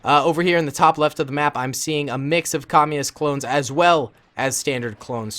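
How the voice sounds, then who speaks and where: A man's voice: a little high, moderate pace, few pauses, fairly bright tone. A man casually commentating a battle simulation game in a laid-back, enthusiastic way, with plenty of ums.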